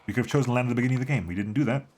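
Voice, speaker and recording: A man's voice: medium pitch, racing, darkish tone, slight background noise. A man streaming a game, reading it aloud and commenting in a wry, offhand way. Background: game music.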